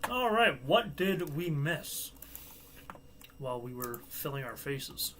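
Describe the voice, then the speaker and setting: A man's voice: on the high side, very animated, takes it slowly, fairly bright tone, slight background noise. A young man hosting a live watchalong stream, chatting casually, joking and laughing at his own asides.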